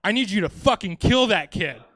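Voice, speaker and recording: A man playing a middle-aged high school football coach who gives low, flat, intense orders. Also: fairly quick, no room sound. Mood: menacing.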